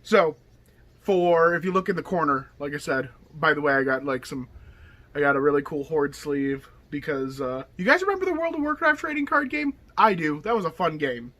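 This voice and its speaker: Bright-voiced man rambling about his card deck. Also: fairly high pitch, very animated, moderate pace. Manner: rambling, chatty, says okay and you know a lot. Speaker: deck tech host. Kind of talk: casual hobby video talk.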